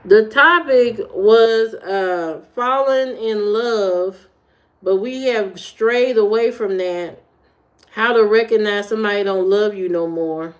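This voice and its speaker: A woman from Indiana with an Indiana accent, chatting casually on a livestream and telling stories with animated jumps in her voice; her high voice can sound youthful. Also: slow, lo-fi sound. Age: adult. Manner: animated storytelling, jumps high when retelling. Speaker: livestream host. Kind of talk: casual livestream chat reading comments.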